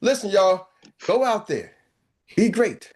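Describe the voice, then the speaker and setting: A man's voice: high voice, big pitch swings, slow, a little mellow, pitched above the performer's own voice, exaggerated voice. A man putting on the voice of Miss Rita, an exuberant, whooping woman who talks in a sing-song preaching cadence.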